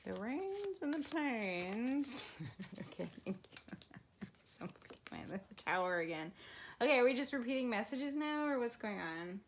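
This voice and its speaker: A woman's voice: medium pitch, animated, normal speed, slight background noise. A woman doing a casual tarot reading for her viewers, musing aloud and laughing often. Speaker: tarot reader.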